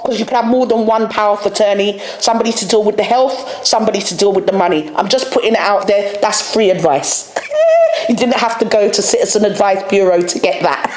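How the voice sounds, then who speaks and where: A young woman hosting a solo podcast, animated and direct, laughing often and using plenty of slang. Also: mid-range voice, brisk, roomy sound, slight background noise. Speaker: podcast host. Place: studio room.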